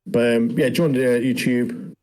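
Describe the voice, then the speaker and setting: A man's voice: mid-range voice, fairly even intonation, moderate pace, a little mellow, low-quality recording. A man, co-hosting a podcast in a rambling casual chat, saying "mate" all the time. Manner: rambling, says "mate" constantly. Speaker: podcast co-host.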